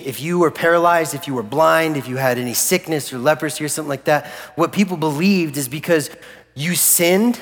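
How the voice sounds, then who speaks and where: A man preaching a sermon in a church hall, animated and jokey, acting out the people in his story. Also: fairly high pitch. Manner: animated, jokey, acts out voices of characters. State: recovering from flu. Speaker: pastor. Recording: long hall reverb.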